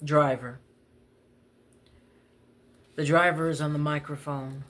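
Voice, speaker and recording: A woman's voice: low voice, a little slow, a bit bright. A woman poet reading her bus stories aloud, conversational with wry asides. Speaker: poet, storyteller. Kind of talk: spoken-word story reading.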